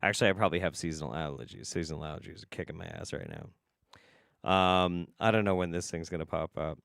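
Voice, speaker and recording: Animated, swearing livestream host. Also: male voice, low voice, brisk, vocal fry, smooth, no echo, studio quality. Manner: animated, profane, laughs often. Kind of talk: casual livestream chat.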